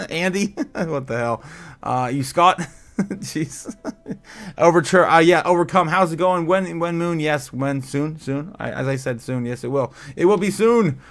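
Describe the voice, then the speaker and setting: A man's voice: fairly high pitch, unhurried, fairly bright tone. A man hosting a casual crypto livestream, reading headlines and viewer chat with lots of filler sounds and frequent laughter.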